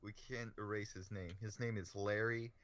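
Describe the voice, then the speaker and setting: A man co-hosting a podcast, chatting in a jokey, animated way. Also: fairly low pitch, normal speed. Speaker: podcast co-host. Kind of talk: casual chat.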